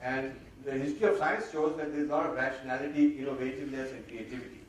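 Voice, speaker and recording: Man speaker, sardonic and lively, mixes in Hindi phrases; recorded from a distance in a big echoey hall. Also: medium pitch, fast. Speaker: speaker giving a talk. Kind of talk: lecture to an audience. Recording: very echoey hall, mic far off, faint noise.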